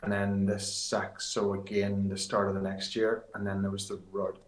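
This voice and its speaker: A man's voice: fairly low pitch, moderate pace. Man telling rally stories in an echoey room. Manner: lively anecdotes, rambling with restarts. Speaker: guest, rally competitor. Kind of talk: casual interview storytelling.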